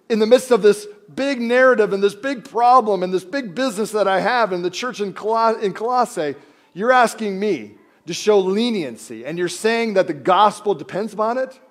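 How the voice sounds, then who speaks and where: A man preaching a sermon, animated, acting out biblical characters and dropping to quiet emphasis. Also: high voice. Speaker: pastor.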